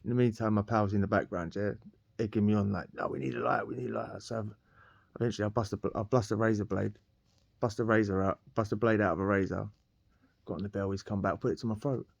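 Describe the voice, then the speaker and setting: A man's voice: on the low side, steady tone, fast talker, gravelly, no room sound, highs cut off. A man telling a rambling personal story in casual slang, laughing often. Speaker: podcast guest telling a prison story.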